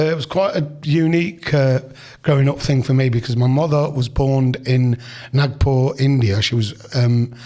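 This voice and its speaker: A man in his sixties, a podcast guest, telling rambling family stories in a chatty, casual way. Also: medium pitch. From England. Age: 60s. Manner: rambling, chatty, with restarts and asides. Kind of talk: casual storytelling.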